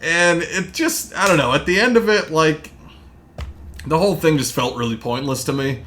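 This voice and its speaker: A man's voice: fairly high pitch, moderate pace, background noise. A man hosting a podcast in casual chat, rambling through a movie recap with lots of fillers. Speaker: podcast host.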